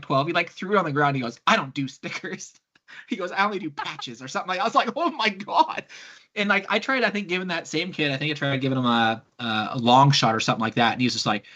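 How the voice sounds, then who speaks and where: Bright-voiced man telling animated stories. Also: fairly high pitch. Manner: animated storyteller, acts out quotes, laughs often. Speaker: guest, blaster kit designer. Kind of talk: casual podcast chat. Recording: dull lo-fi sound.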